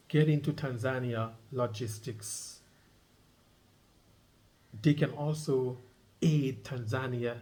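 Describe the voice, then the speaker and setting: In this vlog, a middle-aged man with a medium-pitched, slightly mellow voice reads out a news article and breaks off to comment. He drives his points home by repeating them emphatically and tells his audience to underline certain words.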